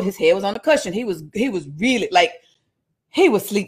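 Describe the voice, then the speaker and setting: A woman preaches, reading scripture aloud and breaking off into casual, humorous retellings. Her voice sits at an average pitch. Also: a little fast, breathy edge. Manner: animated storytelling, jokes and voices, casual asides. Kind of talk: sermon, reading scripture with commentary.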